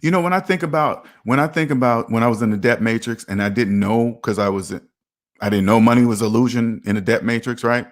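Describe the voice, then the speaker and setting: A middle-aged man talks straight to his viewers about money in a loose, casual monologue. He hammers on his points and repeats them, now and then slipping into little made-up street dialogues. His voice sits at an ordinary pitch for a man. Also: fairly quick. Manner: repetitive, emphatic, acts out imagined street conversations. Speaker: personal finance video host.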